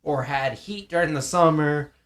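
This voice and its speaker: A man's voice: a little high, normal speed, a bit bright. A young man co-hosting a casual chat, telling profane, rambling school stories and acting out what people said. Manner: profane, rambling, acts out quotes. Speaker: podcast co-host.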